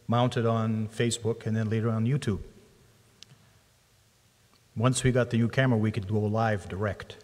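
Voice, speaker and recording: A man's voice: mid-range voice, darkish tone. Man rambling in a reverberant church hall. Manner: rambling, self-correcting, lighthearted. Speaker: church volunteer running the camera and live stream. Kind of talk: speech at a retirement lunch.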